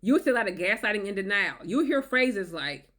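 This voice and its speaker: Brief: woman vlogger, emphatic, repeats herself, talks straight to the viewer, mid pitch. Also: expressive, a little fast, a bit bright. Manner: emphatic, repetitive, checks in with "okay?". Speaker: relationship advice vlogger. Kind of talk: direct-to-camera advice talk.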